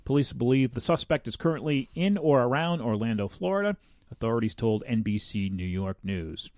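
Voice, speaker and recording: A man's voice: mid-range voice, fairly quick, dry recording. A male podcast host with a mid-range voice that swings up and down a lot as he reads out strange news. He cracks jokes and laughs along the way. The sound is dry and close. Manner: animated, laughs often, jokey asides. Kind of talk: casual chat.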